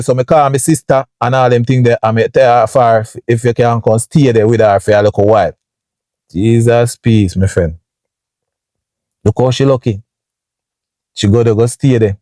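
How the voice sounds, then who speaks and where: A man's voice: moderate pace, darkish tone, dry recording, studio quality. A man with a Jamaican accent telling a story casually to his viewers, often checking in with "you see me" and acting out sounds. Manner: chatty, keeps addressing viewers with "you see me" and "people"; acts out sounds and voices with big jumps up in pitch. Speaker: storytime vlogger.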